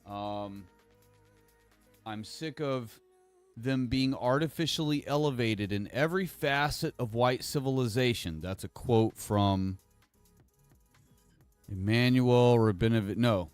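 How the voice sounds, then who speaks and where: A man hosting a casual livestream monologue, rambling and halting and repeating himself. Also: medium pitch, clean tone, no echo, faint music behind. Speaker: livestream host.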